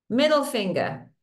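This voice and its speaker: A middle-aged woman leads a group through guided tapping and affirmations, speaking slowly with a lively, rising and falling voice. Her soothing lines repeat in a steady rhythm. The recording has a noticeable room echo. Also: high-pitched. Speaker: facilitator leading a women's circle. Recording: echoey room.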